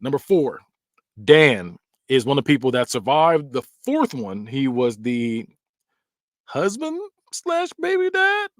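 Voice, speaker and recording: A man hosting a podcast, casually recapping film scenes with vocal sound effects. His pitch swings widely as he tells the story. The recording is dry and close. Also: very animated, a little slow, dry recording. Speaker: podcast host.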